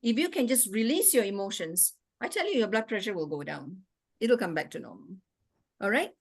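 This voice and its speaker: A woman's voice: mid-range voice, animated, brisk, slightly rough. A woman doctor giving an interactive talk with questions and answers over a video call, emphatic and fond of repeating rhetorical questions.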